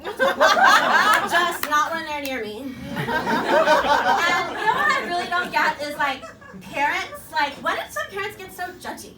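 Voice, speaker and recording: A woman stand-up comedian on a club stage, telling brash, profane stories at a rapid clip. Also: extremely high pitch, big pitch swings, very noisy. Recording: echoey club, distant mic, loud crowd.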